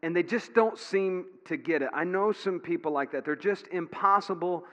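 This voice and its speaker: A middle-aged pastor preaches a sermon in a church sanctuary, his high voice pushed and bright at a moderate pace. He tells folksy stories with plenty of fillers. The recording sounds dull, with long hall reverb.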